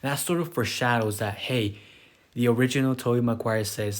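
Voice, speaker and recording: A man's voice: medium pitch, fairly quick. A man casually recapping a film plot in a loose, rambling way, full of fillers. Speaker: movie reviewer. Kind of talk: casual spoken movie recap.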